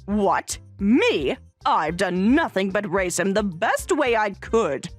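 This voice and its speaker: Entitled mother in a story drama, indignant and insistent, slow delivery with swinging pitch, a woman acting it. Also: sing-song, soft background music. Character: entitled middle-aged mother, indignant and blaming. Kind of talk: voiced story narration drama.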